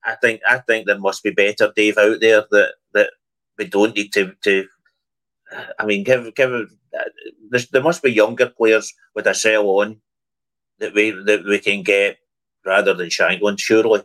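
A man's voice: on the low side, level tone, measured pace, fairly bright tone, rough recording. A man, co-hosting a football podcast in casual conversation, with stammering restarts. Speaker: podcast co-host.

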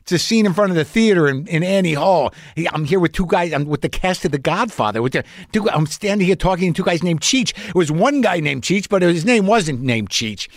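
A man's voice: high voice, animated, fairly quick, few pauses, no room sound, studio quality. A man hosting a podcast, telling a long story in a profane, rambling, self-questioning way. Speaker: podcast host. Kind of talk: storytelling monologue.

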